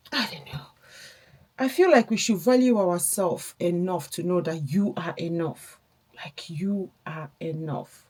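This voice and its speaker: A woman's voice: fairly low pitch, gravelly, mellow. Candid young woman, rambling vlog chat. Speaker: vlogger. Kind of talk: casual get-ready-with-me storytelling.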